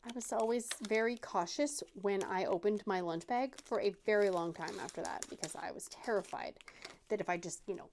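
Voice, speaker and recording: A woman's voice: medium pitch, fairly quick, a little mellow, a little hiss or hum. A woman hosting a craft channel, telling a casual, self-deprecating story with many fillers and restarts.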